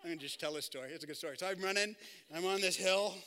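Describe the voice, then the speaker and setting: A man's voice: sits high, rapid-fire, sharp tone, clear, resonant tone, long reverb tail. A man preaching a conversational sermon, often restarting his sentences and acting out the inner thoughts of his listeners. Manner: conversational, repetitive restarts, acts out quoted thoughts. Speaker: pastor. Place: church.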